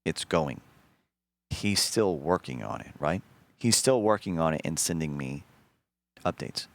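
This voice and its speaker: Profane, animated storytelling man. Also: very deep voice, unhurried, gravelly. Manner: animated, profane, acts out quoted lines. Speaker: streamer. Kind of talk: casual storytelling to a stream chat.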